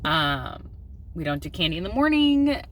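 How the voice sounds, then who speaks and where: A woman's voice: lowish voice, very animated, normal speed, a little hiss or hum. A woman in her thirties talking candidly in a personal vlog, open and confessional with filler ums. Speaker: mom vlogger.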